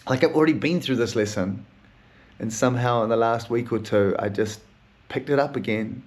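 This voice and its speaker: A man's voice: mid-range voice, brisk. A man hosting a solo podcast, talking in a raw, emotional, rambling way and swearing often. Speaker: podcast host.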